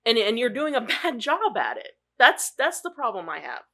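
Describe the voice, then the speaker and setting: A woman's voice: a little high, sing-song, moderate pace, bright, forceful tone. A woman hosting a podcast in casual chat, talking bluntly and with emphasis. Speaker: podcast host. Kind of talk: casual chat about a movie.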